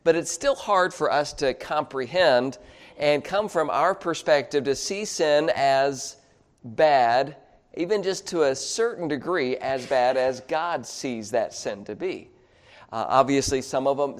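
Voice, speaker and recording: A man's voice: mid-range voice, a little slow. A man delivers an evening sermon in an ordinary mid-range voice. He chuckles often between points and leads his congregation in repeating key words aloud. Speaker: preacher.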